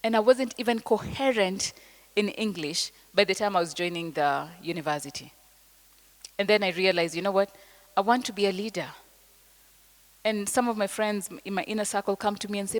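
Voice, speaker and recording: Kenyan-accented woman for a motivational speech: mid-pitched, emphatic, slow deliberate phrasing with whispered asides, recorded with long hall reverb. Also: fairly even intonation. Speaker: motivational speaker. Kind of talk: inspirational speech to an audience.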